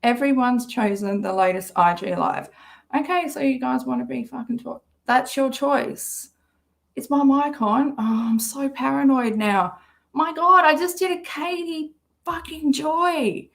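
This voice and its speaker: An Australian woman hosting a casual livestream, rambling and swearing often, with a slightly hoarse throat. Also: sits high, unhurried. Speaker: livestream host.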